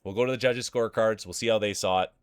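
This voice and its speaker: A man's voice: fairly low pitch, fairly even intonation, fast, clear, resonant tone, no echo, clean studio sound. A man in his forties with a small-town Saskatchewan Canadian accent, hosting live marble races with rambling, hyped sports-announcer patter. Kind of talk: live stream commentary and chat.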